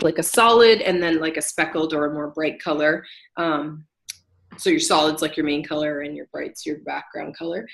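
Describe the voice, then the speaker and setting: A woman co-hosting a podcast, chatting casually and rambling with many fillers. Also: sits low. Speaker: podcast co-host. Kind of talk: casual chat about knitting.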